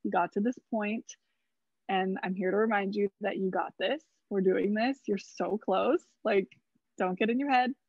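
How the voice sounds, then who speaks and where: Speaking at a moderate pace in a steady, mid-range voice, a young woman recounts her birth story during a relaxed podcast chat. Plenty of "like" and some casual swearing fill her chatty telling, and the audio is slightly dull and dry with no room sound.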